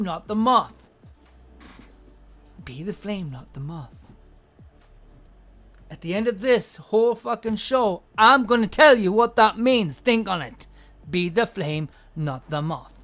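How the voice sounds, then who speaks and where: A woman hosting an advice show, giving blunt, profane advice and acting out quick mock scenes along the way. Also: mid-range voice, animated, a bit bright, soft background music. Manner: acts out little scenes in quick mock voices. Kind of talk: casual advice rant.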